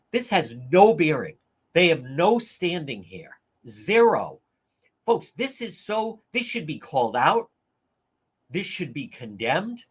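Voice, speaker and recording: Guy hosting a live news rant, high voice, swings all over, calls everyone folks. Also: fairly bright tone. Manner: ranting, incredulous, addresses viewers as folks. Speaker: livestream talk show host. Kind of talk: opinionated news commentary.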